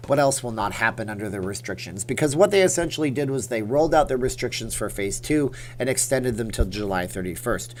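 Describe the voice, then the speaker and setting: A man's voice: mid-range voice, animated, fairly quick, few pauses, a little hiss or hum. A man hosting a casual livestream, chatting in a rambling, opinionated way while answering viewer comments. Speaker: livestream host.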